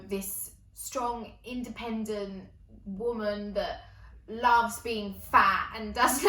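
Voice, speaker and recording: Chatty woman, bright echoey room. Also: mid-range voice, recorded from a distance. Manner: chatty, candid, swears often. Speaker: comedian and theatre performer. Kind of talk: confessional stand-up monologue. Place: at home on a sofa. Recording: echoey room, a bit away from the mic.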